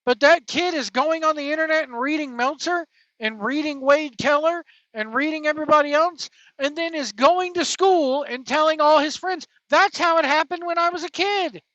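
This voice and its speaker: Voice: sits high, moderate pace, a bit bright, dry recording. A wrestling show host giving casual, informal commentary with slangy, emphatic phrasing. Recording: dull lo-fi, dry.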